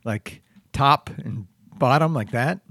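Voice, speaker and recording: A man hosting a comedy podcast, animated and quick to laugh in the banter. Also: medium pitch, vocal fry, dry recording, studio quality, soft background music. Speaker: podcast host.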